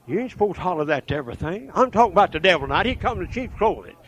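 A man preaching a folksy revival sermon, swinging from shouts to hushed asides. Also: high-pitched, sing-song, quick pace, slightly rough.

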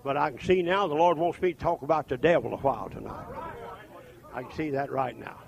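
Preacher shouting then hushing. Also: male voice, a little high, brisk, vocal fry, lo-fi sound. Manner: swings from shouting to hushed, folksy. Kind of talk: revival sermon.

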